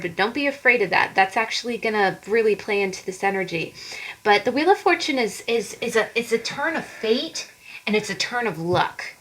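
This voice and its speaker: A woman's voice: mid-range voice, a bit bright, poor audio. A woman giving a casual tarot card reading to viewers, chatty and encouraging, often repeating herself.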